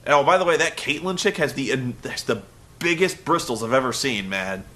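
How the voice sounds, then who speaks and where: A young man hosting a casual recap, rambling and animated, breaking into loud shouted impressions. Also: mid-range voice, fairly quick. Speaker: web show host. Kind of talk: casual wrestling recap rant.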